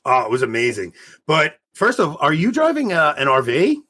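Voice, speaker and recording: A man's voice: fairly high pitch, wildly swooping pitch, a little fast, pushed and bright, slightly rough. A man hosting a casual live-stream chat over a video call, joking and rambling with many restarts. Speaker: show host.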